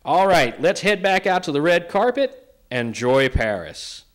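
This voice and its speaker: A man presenting a film festival segment in a measured, scripted way. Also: fairly high pitch, sing-song. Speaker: event co-host.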